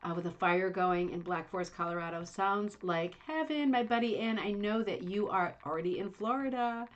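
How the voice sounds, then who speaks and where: A woman's voice: medium pitch, normal speed, muffled recording. Chatty rambling woman hosting a livestream. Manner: chatty, rambling, self-deprecating. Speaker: livestream host. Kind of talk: casual livestream chat. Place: home, Indiana.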